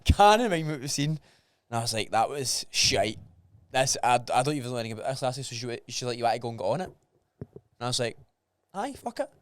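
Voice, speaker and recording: A young man with a Scottish accent, hosting a podcast and telling stories in an animated, sweary way. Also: medium pitch, fast talker. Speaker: podcast host. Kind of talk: casual chat.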